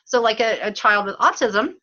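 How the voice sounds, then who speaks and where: A woman hosting a casual teleseries chat, bubbly and quick to laugh, who acts out little voices as she talks. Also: on the high side, pushed and bright, muffled recording. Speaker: host. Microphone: phone or call line.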